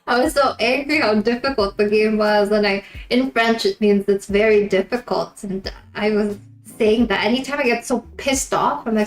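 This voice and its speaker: A woman's voice: medium pitch, moderate pace. A woman live streamer chatting casually with her viewers, giggling often between remarks. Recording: roomy echo, faint background music.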